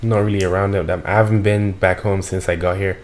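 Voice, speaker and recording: A man with a British accent blended with North American sounds speaks hesitantly in a casual podcast chat. His voice is very deep. A faint hiss of noise sits behind him. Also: level tone, fast talker, a little mellow. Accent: British mixed with North American.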